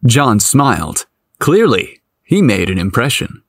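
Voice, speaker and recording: A man narrating a story aloud in a playful, expressive manner. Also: mid-range voice, slow pace, no echo, clean studio sound. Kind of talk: audiobook narration.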